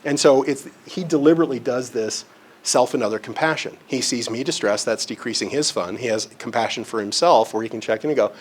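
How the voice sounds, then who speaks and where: Brisk and medium-pitched, this man presents live in a conference room on relationships and counseling. His tone is conversational; he frequently checks in with the audience and uses everyday examples and jokes at his own expense.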